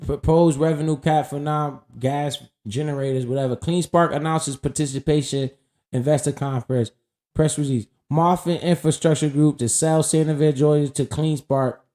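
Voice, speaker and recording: A man's voice: a little high, fairly even intonation, moderate pace, warm tone. A man giving casual, profane, hyped market commentary, talking straight to his viewers while going over his account. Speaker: stock market streamer.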